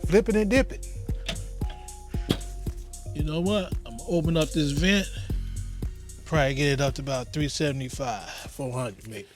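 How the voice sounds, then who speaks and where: A man, chatting excitedly to viewers while barbecuing wings outdoors in the cold. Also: medium pitch, fairly quick, soft background music. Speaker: home barbecue cook. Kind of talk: casual cooking vlog. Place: outdoors by a smoker in winter.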